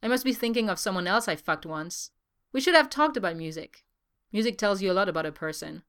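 A woman's voice: medium pitch, animated, fairly quick, a bit bright, smooth. A woman voicing a brash sardonic male artist. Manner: blunt, sardonic.

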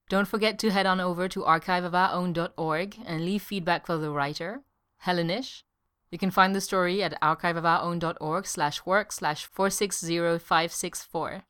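A woman reading fan fiction aloud as an audiobook narrator, calm and even. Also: on the low side, clean tone. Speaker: podfic reader.

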